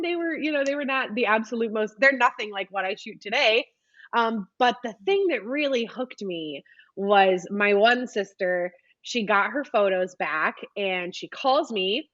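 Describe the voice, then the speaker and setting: A woman in her thirties telling a story in a casual, animated podcast interview with lots of ums. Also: medium pitch, no room sound, dull audio. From United States. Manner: chatty, animated retelling with frequent ums. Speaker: podcast guest, photographer.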